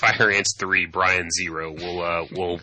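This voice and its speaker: A man's voice: sits low, flat delivery, a little slow, pushed and bright. A man co-hosting a card game podcast, joking wryly in casual chat. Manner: joking, wry. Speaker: podcast co-host.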